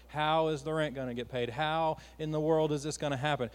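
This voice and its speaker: A man with a slightly high voice preaches a fervent sermon, surging and easing as he makes his points. His voice rings through a reverberant church hall with a long tail. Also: steady tone, fairly quick, hardly any pauses. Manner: impassioned, rising and falling in force.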